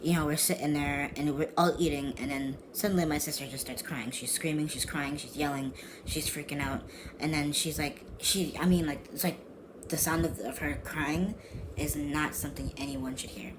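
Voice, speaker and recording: A man's voice: on the high side, fairly even intonation, normal speed. Young male vlogger, rambling slangy storyteller, constant background noise. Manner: rambling, slangy, repeats and restarts himself. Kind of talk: casual storytelling vlog.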